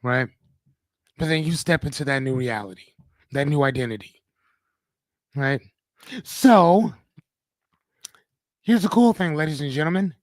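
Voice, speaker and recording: A man's voice: fairly high pitch, lively intonation, a little fast, no echo. A man hosting a live-streamed motivational talk, speaking casually, swearing freely and often checking in with "right?". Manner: casual, profane, keeps asking "right?".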